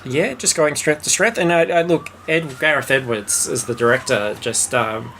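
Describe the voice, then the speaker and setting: A man co-hosting a podcast, reviewing films in a relaxed, rambling way with many fillers. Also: mid-range voice, moderate pace, noisy background. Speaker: podcast co-host. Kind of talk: casual film review chat.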